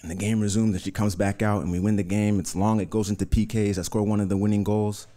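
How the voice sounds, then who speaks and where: A man telling a personal story on stage in an earnest, measured way, in vivid present tense. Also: lowish voice, level tone, dark tone, a little hiss or hum. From Uganda.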